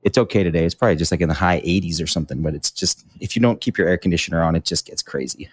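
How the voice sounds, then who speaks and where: A young man in casual chat over a video call from his apartment, laid-back and quick to laugh, saying "dude" a lot. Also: sits low, no room sound. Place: apartment in New York City.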